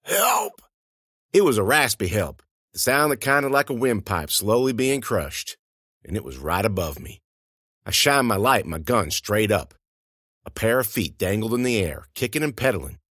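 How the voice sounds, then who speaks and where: A male narrator reads a first-person story with suspenseful, expressive storytelling. His pitch moves in a lively way, and the recording is dry and close to the mic. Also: normal speed, no room sound. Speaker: audiobook narrator.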